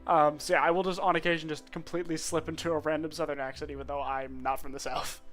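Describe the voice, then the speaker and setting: Man from the US, game streamer, fast chatty rambling commentary, faint music behind. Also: fairly high pitch, flat delivery, a bit bright. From United States. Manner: chatty and rambling, reading his character's lines aloud. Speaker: streamer playing a video game. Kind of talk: casual gameplay commentary.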